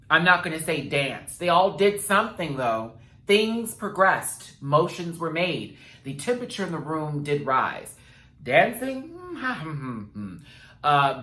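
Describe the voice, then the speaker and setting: A man's voice: mid-range voice, bright, forceful tone. Sassy chatty man in a roomy space. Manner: sassy, chatty, self-aware, rambling. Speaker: reality TV reviewer. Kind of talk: casual recap rant. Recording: roomy echo.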